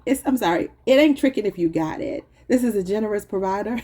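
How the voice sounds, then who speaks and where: Woman, casual tarot reading, chatty, laughs a lot, mellow husky voice. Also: medium pitch, animated, a little fast. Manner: chatty, laughs often at her own cards, addresses viewers as y'all. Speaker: tarot reader.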